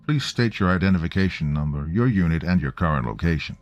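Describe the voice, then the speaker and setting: A man's voice: low-pitched, expressive, fast, lo-fi sound. A man voicing a cheerful radio operator with an Australian accent. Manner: breezy, cheerful.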